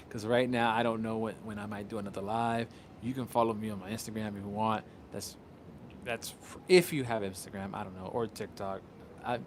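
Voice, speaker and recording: A man's voice: lowish voice, slight background noise. Rambling, swearing man chatting on a livestream. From Puerto Rico. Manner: rambling, repeats words and restarts, swears often. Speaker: content creator. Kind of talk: casual livestream chat.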